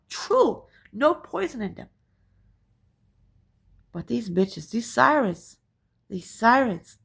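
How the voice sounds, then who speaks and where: A woman's voice: fairly high pitch, vocal fry, slightly rough. A woman ranting to camera, profane and emphatic, repeating her points and asking "right?" again and again. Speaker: spiritual vlogger.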